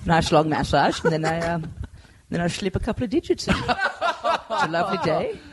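Comedian doing a slimy male Dutch masseur, put-on Dutch accent, slow leering pitch. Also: big pitch swings, a loud crowd. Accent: fake Dutch.

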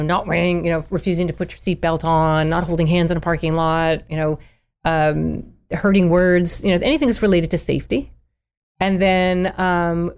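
A woman child therapist in a podcast interview, explaining parenting in an animated way and acting out parents and children. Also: on the low side.

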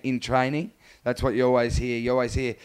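Australian man guest, relaxed self-deprecating banter. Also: medium pitch, fairly quick, clean tone. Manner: laid-back, self-mocking, lots of "yeah, totally". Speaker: guest, actor and charity unicyclist. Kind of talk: casual radio chat.

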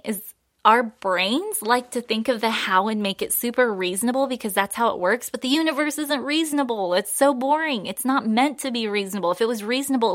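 A woman's voice: mid-range voice, fairly bright tone, dry recording. Chatty, emphatic woman coach, dry sound. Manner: chatty, emphatic, laughs often. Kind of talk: casual monologue.

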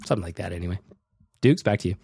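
A man's voice: low-pitched, racing, vocal fry, a little mellow, husky, no room sound. A man hosting a podcast, chatting casually and joking, laughing often. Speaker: podcast host.

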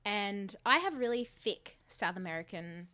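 A woman's voice: medium pitch, lively intonation, a little slow, pushed and bright. A woman in her thirties co-hosting a podcast, telling stories in casual chat, chatty and self-mocking. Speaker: podcast co-host.

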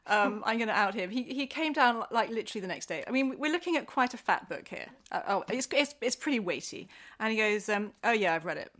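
A woman's voice: a little high, fairly quick, few pauses. A middle-aged woman, an author, chatting casually and telling stories with frequent laughs and restarts. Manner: animated storyteller, laughs often, many restarts. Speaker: author guest. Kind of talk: casual chat.

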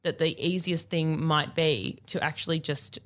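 A woman's voice: low-pitched, steady tone, measured pace. A woman telling a long comic story on a podcast, rambling with many fillers and laughing through her punchlines. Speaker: podcast panelist. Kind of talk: casual comedic storytelling.

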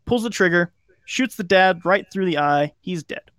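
A man's voice: sits high, lively intonation, normal speed, fairly bright tone, dry recording. A man co-hosting a podcast, casually retelling a film plot in a rambling way, with lots of fillers and acted-out quotes. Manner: rambling, lots of "like" and restarts, acts out quoted lines. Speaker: podcast co-host.

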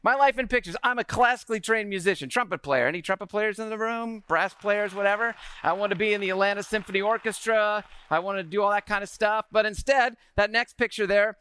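A man in his forties giving an energetic talk to a live audience, often asking the room questions. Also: sits high, brisk, few pauses, smooth.

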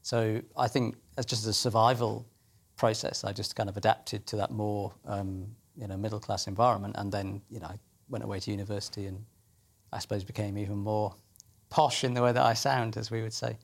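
Man, professor, panel guest, measured, fairly low voice. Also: fairly even intonation, vocal fry. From Hull, England. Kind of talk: TV panel discussion.

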